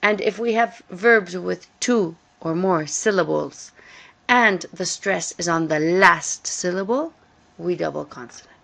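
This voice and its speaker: A woman teaching English grammar in a recorded lesson, explaining slowly and carefully and repeating key points. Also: on the low side, creaky, a bit bright. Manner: slow, careful explaining with repetition.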